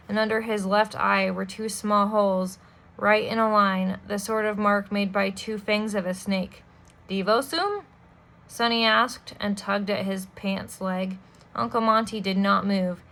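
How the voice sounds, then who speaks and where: Woman reading a storybook aloud, gravelly. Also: mid-range voice, low-quality recording. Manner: steady, expressive reading with small asides. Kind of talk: reading a children's novel aloud.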